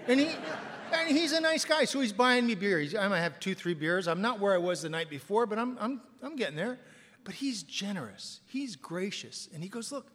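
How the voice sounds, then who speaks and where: A man telling a self-mocking story to an audience, acting out voices and loud punchlines. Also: high-pitched, sing-song, normal speed, in a large hall, slight background noise. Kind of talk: recovery storytelling with comic bits.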